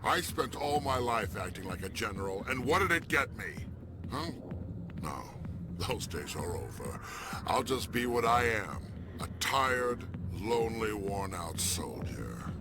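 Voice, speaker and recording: A tired, bitter alien general. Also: male voice, fairly low pitch, sing-song, a little slow, very noisy. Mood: weary. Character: weary disgraced alien general, bitter and self-pitying.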